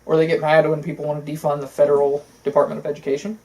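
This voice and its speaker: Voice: medium pitch, completely flat delivery, very fast, darkish tone, rough recording. A co-host in casual political chat, opinionated and talking in long runs with frequent fillers. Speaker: podcast co-host.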